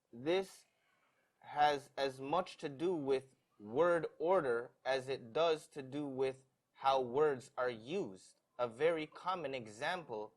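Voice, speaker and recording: A man reading passages aloud in a church Bible study, haltingly, stumbling over words. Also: mid-range voice.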